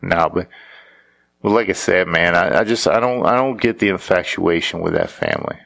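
A man's voice: low voice, very animated, normal speed, creaky, fairly bright tone. A married man riffing in a casual, sarcastic, rambling monologue, often restarting his sentences. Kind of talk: casual comedic commentary.

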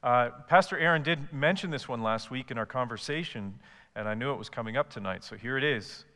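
A man's voice: mid-range voice, fairly quick, bright, forceful tone, long reverb tail. A man preaching a sermon, asking rhetorical questions and building to emphatic repeated lists. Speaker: pastor.

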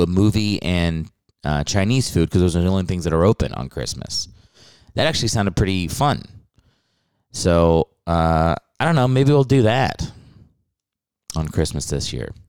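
A man's voice: low voice, a little mellow, clear, resonant tone, dry recording. A young man hosting his podcast in a casual, rambling, jokey and profane way, speaking close to the mic. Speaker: podcast host. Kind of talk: casual solo podcast chat.

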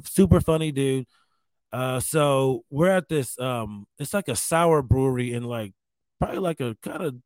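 A man's voice: mid-range voice, darkish tone, dry recording. A man who works as a comedian, telling a casual story in a rambling way, with lots of swearing, restarts and fillers.

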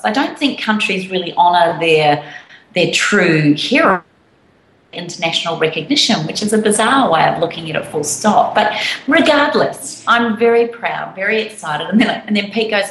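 A woman co-hosting a podcast, telling stories in an enthusiastic, animated way. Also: on the low side, moderate pace. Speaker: podcast co-host. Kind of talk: casual chat. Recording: echoey room.

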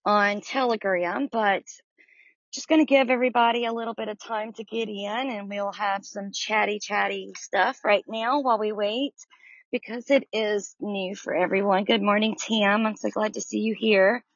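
A woman's voice: mid-range voice, fairly even intonation, normal speed, no echo. A woman hosts a Bible study in a friendly, chatty tone and greets listeners by name. The sound is dry and close, with slightly muffled lo-fi audio. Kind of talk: casual chat. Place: outdoors in the sun.

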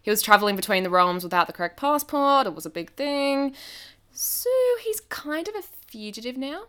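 A woman's voice: on the high side, big pitch swings, moderate pace, sharp tone, smooth. A woman playing Amy Holt, a bubbly radio host. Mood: exasperated. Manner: chirpy on-air patter, exasperated with her sister. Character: bubbly young woman radio host of a realm-hopping station. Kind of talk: comedic audio drama acting.

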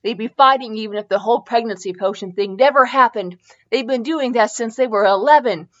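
A woman's voice: fairly high pitch, fairly quick, fairly bright tone, natural voice. A woman reads the part of a weary teenage wizard boy, speaking in a plain, matter-of-fact way close to her own voice. The sound is slightly dull and lo-fi.

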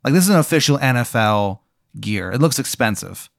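A man's voice: medium pitch, animated, a little fast, creaky, dry recording, studio quality. A man hosting, improvising a strange hypothetical story for a guest, rambling with lots of "like" and "uh" and casual swearing. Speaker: host running a hypothetical scenario.

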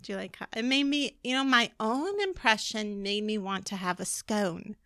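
An American woman co-hosting a podcast in casual chat, playful and quick to joke. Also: medium pitch, a bit bright, no room sound, clean studio sound. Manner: playful, joking, giggly. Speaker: podcast co-host.

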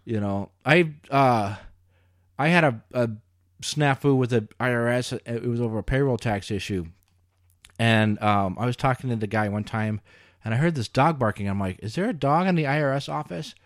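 A man's voice: mid-range voice, normal speed, dry recording, clean studio sound. A man in casual chat, telling stories animatedly and swearing freely. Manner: animated storyteller, acts out quoted voices, swears freely.

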